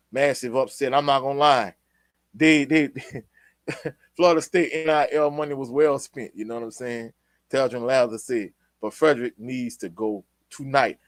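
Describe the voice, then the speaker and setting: A man's voice: medium pitch, no room sound. A man hosting a casual sports live stream, reading viewer comments and giving his opinions in a laid-back, opinionated way. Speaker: sports show host reading live chat.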